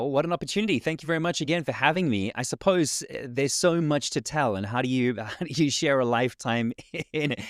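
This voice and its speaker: A South African man with a slight American Southern twang, a podcast guest telling his story in a relaxed, reflective way over a video call. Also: mid-range voice, no echo, studio quality. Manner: reflective storyteller, warm thanks, laughs often. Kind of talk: casual interview chat.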